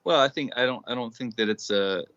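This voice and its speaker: A man, a musician being interviewed, speaking casually and thoughtfully, often pausing with fillers. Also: medium pitch, fairly bright tone, no echo, dull audio. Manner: thoughtful, hesitant, many fillers. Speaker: musician guest. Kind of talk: casual conversation.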